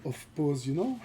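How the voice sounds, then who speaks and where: Slow, mellow French-accented man. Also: sits high, slight background noise. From France. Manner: halting, searches for words, often laughs. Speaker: concept artist streaming live. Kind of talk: casual chat while drawing on stream.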